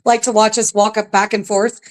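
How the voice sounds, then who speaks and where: A chatty woman talking as a guest on a casual podcast, with plenty of ums and easy laughs. She speaks at an ordinary middle pitch for a woman, in a relaxed and conversational way. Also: fairly quick. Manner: chatty, laughs often, filler-heavy. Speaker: paranormal museum staff guest.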